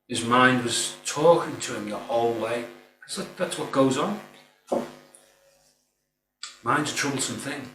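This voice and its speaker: A man's voice: medium pitch, a little slow, pauses often, bright, forceful tone, faint music behind. Earnest middle-aged man, roomy and distant. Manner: informal, earnest, rambling, frequent "you know". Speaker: spiritual speaker. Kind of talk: spoken reflective talk. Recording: roomy, distant mic with faint hum.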